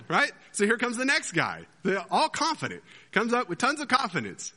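A man preaching a sermon as pastor, an animated storyteller who acts out scenes as he talks. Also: high-pitched, brisk, few pauses. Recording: long hall reverb.

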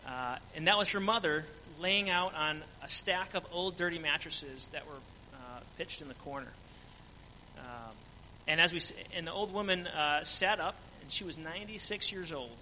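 A man's voice: fairly high pitch, normal speed, bright, forceful tone, big-room sound, a little hiss or hum, poor audio. A man giving an earnest church testimony about a mission trip, full of fillers. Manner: earnest storytelling with frequent fillers. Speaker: mission trip team member.

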